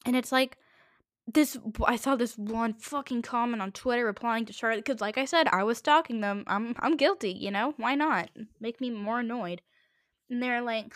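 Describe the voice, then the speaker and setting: A teenage girl hosting a solo podcast, ranting quickly and in exasperation, with many asides. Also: on the high side, no room sound, clean studio sound. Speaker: podcast host.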